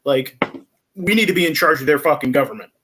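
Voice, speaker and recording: A man with a slightly raised, higher voice rants on a casual podcast. He swears constantly, talks bluntly, and keeps it animated, laughing and slipping into voices when he quotes people. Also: quick pace, crowd noise. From Latino heritage in the US. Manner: acts out quoted relatives in put-on voices. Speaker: podcast host. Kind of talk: casual chat.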